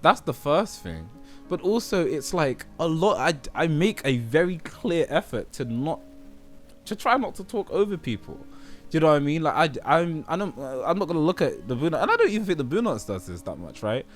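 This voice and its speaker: A young British man rambles to his YouTube viewers in a casual monologue, his slightly high voice swinging widely in pitch at a fairly quick pace. He keeps asking "do you know what I mean" to check he's understood, over soft background music.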